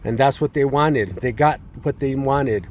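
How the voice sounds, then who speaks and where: A man giving a personal testimony. He speaks in a halting, earnest and distressed way, often restarting and repeating words. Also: medium pitch, darkish tone, slight background noise. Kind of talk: personal testimony, spoken retelling.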